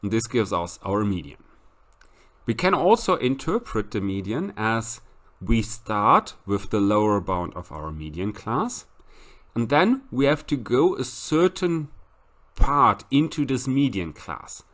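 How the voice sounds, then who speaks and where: A man's voice: medium pitch, sing-song, unhurried, fairly bright tone. A man giving a recorded statistics lecture, explaining step by step and reading out calculations.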